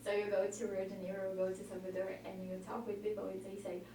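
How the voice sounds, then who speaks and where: A Brazilian woman hosting a casual podcast interview in English, pausing to search for words and laughing often. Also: mid-range voice, monotone, warm tone. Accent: Brazilian Portuguese. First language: Portuguese. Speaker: podcast host. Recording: echoey room, distant mic, faint noise.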